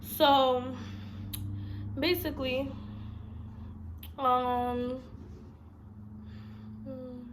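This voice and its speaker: A woman's voice: high voice, little pitch movement, extremely slow, pauses often, slight background noise. A woman, telling a long personal story in a blunt, rambling, profane storytime vlog. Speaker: vlogger.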